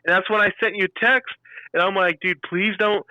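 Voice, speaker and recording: A man co-hosting a podcast, telling animated stories about customers in a casual chat and acting out their lines. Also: high-pitched, fairly quick, no room sound, dull audio. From California. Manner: animated storyteller, acts out customer quotes. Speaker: podcast co-host.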